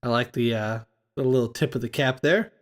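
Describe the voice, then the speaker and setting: A man's voice: medium pitch, fairly quick. A man hosting a casual movie-review podcast, recapping scenes and acting out lines. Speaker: podcast host.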